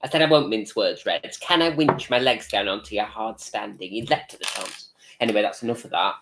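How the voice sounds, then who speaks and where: A man co-hosting a live stream in casual chat, playful and quick with comedy quotes and one-liners. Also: fairly low pitch, very noisy.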